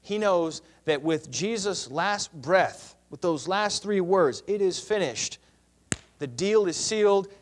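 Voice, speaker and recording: A man teaching a Bible lesson, reading scripture aloud with expressive, dramatic turns between loud cries and hushed words. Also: sits high, takes it slowly.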